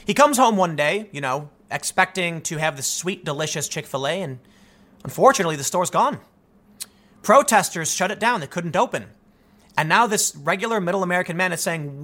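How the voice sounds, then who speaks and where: A man giving opinionated video commentary, animated and rambling, with frequent stammered restarts. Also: sits high, brisk. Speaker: political commentator.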